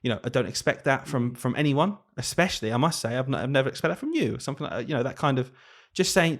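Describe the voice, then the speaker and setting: Man, medium pitch, casual podcast chat, laughs mid-story. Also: lively intonation, quick pace, hardly any pauses. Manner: laughs often while telling stories. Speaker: podcast co-host, primary teacher.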